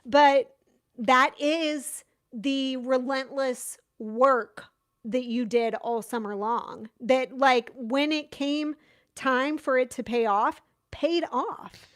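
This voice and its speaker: Higher-voiced woman hosting a casual chat. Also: steady tone. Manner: dramatic, self-deprecating, quick bursts. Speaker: podcast host. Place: home studio on a remote call.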